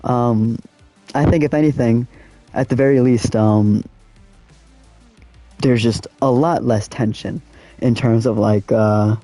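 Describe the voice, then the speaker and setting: A man's voice: medium pitch, fairly even intonation, slow, long pauses, warm tone, no echo, faint music behind. A young man casually talking to his viewers in slangy speech while he plays a racing game. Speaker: gaming streamer. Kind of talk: casual live-stream commentary.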